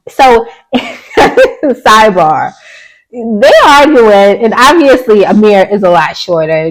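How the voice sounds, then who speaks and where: A woman's voice: mid-range voice, low-quality recording. A woman giving a casual, opinionated recap of a reality show, chatty and blunt, with sassy asides and mocking quoted voices. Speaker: YouTube reality-TV reviewer.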